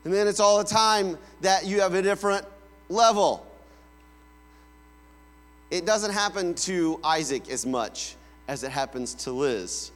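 A man's voice: sits high, lively intonation, slow pace, pauses often, pushed and bright. A man, a pastor, delivering a sermon, telling family stories and playfully acting out his children calling for their parents. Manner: storytelling, acts out kids calling with playful voices. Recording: long hall reverb with mains hum.

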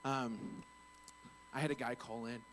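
A man's voice: medium pitch, fairly even intonation, unhurried, fairly bright tone, slight background noise, poor audio. Earnest, rambling man telling a story. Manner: earnest, rambling, many restarts. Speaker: bank customer service rep. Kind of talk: casual personal storytelling.

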